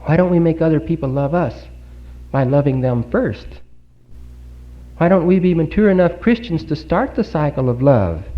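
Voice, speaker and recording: Male preacher, earnest sermon delivery, rhetorical questions, lively rising and falling pitch, dull 1950s recording. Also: normal speed. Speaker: speaker giving a Bible talk. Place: congregation hall.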